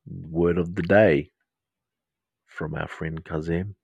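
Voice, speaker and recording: A deep-voiced Australian man guides a meditation in a soft, husky half-whisper, his voice heavy with gravelly fry. He talks slowly and soothingly, close to the microphone in a dry, dead room. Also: fairly even intonation, no echo, rough recording. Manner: slow, soft and soothing, repeating mantras. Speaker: counsellor and podcast host. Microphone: close to the mic.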